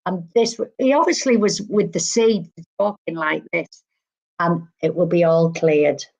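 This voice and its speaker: A woman's voice: on the low side, unhurried, gravelly, darkish tone. A woman working as a medium, relaying spirit messages live and acting out what she is told. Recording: livestream.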